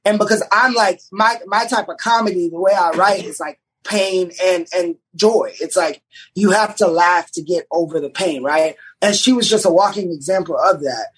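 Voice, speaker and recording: A young man, a writer, chatting casually on a podcast and telling an animated story full of restarts. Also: high-pitched, normal speed, breathy edge, low-quality recording. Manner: animated storyteller, many restarts, does voices in quotes. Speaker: writer and showrunner guest.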